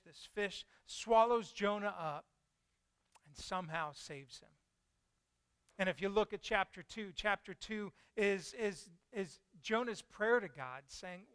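A man's voice: high-pitched, sharp tone, smooth, no room sound. A man preaching a conversational sermon, asking his listeners questions and acting out the voices in the story. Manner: conversational, asks the congregation questions, acts out quoted voices.

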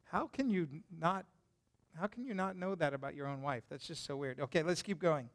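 A man preaching a sermon as a pastor, retelling a Bible story in an animated, conversational way and putting questions to the listeners. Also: a little high, moderate pace.

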